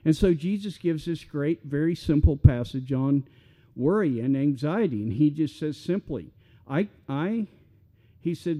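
Older preacher with a very dark voice. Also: male voice, fairly high pitch, lively intonation, measured pace. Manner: folksy, repetitive, conversational preaching with rhetorical questions. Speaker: pastor. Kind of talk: sermon.

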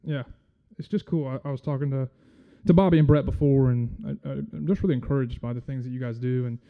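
A man's voice: mid-range voice, fairly even intonation, fast talker, creaky, phone-quality sound. A man giving a casual, self-deprecating sermon as a guest church speaker, with many fillers.

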